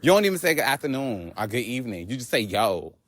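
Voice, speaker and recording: A man vlogging outdoors on a walk, telling a story in an animated, profane rant. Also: medium pitch, very fast. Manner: animated, profane, laughing asides.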